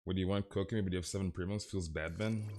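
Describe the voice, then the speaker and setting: A man's voice: low-pitched, fairly even intonation, rapid-fire. A man with an American accent hosting a live game stream, upbeat and greeting viewers in chat by name. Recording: game music playing behind. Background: game music.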